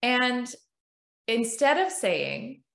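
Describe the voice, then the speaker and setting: A woman's voice: a little high, very slow, gravelly, roomy sound. A woman hosting a podcast, telling a story in a casual, conversational way and acting out the voices she quotes. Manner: animated, acts out quoted voices. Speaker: podcast host.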